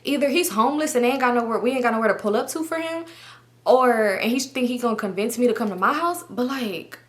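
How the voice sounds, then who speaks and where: Young woman, vlogger, storytime, slightly high voice, fast, slangy, profane, animated. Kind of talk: casual storytelling.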